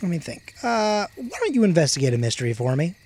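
A man's voice: fairly high pitch, big pitch swings, fast, darkish tone. A man narrating as game master of a tabletop game, full of hesitant ums and uhs.

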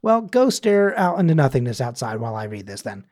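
A man's voice: medium pitch, sing-song, a little fast, darkish tone. Wry male podcast host recapping. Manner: chatty, wry, laughs at own jokes. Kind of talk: casual chat and recap reading.

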